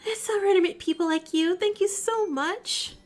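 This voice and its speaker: A woman's voice: very high-pitched, normal speed, voice pushed up. A woman voicing a sweet, self-effacing young woman who gushes with over-the-top praise in a game read-along. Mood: gushing. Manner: gushing, overly sugary.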